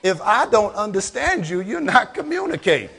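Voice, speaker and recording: A man's voice: high voice, very animated, moderate pace, vocal fry, fairly bright tone, husky. A man with a Chicago accent, a pastor, answering questions in a reflective, conversational teaching manner. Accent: Chicago African American English. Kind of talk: church Q&A discussion.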